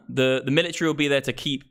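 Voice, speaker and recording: A man's voice: medium pitch, quick pace, sharp tone. A young man ranting about politics on his livestream, swearing freely and getting worked up into a microphone. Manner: profane, fired-up political rant. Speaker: crypto livestream host. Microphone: streaming microphone.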